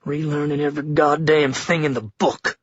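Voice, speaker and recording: Gravelly Georgia-twanged Governor, as a man puts him on. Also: a little high, flat delivery, normal speed, no room sound, highs cut off. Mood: sardonic, menacing. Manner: theatrical, exaggerated enunciation. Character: menacing one-armed male town leader, middle-aged.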